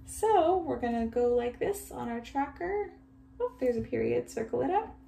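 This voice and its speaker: A woman teacher reads to young children at a deliberate pace, drawing every word out. Her voice sits fairly high and swings widely in pitch as she cheers them on. The recording is echoey with a faint hum behind her. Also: animated, vocal fry, dark tone. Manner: slow, exaggerated reading aloud with cheerful praise.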